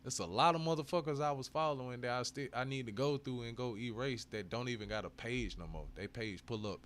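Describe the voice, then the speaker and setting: A man's voice: mid-range voice, a little fast, a bit bright, slight background noise. A man hosting a live stream, chatting casually with heavy swearing, frequent laughs and bursts of hype. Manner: profane, hyped, laughs often.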